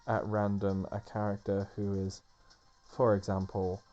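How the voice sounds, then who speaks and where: A man with a lowish, relaxed and mellow voice chats his way through a let's play at an unhurried pace, full of fillers and restarts. The audio is dull and lo-fi. Faint game music plays underneath. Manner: rambling, filler-heavy chatter. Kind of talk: casual gameplay commentary.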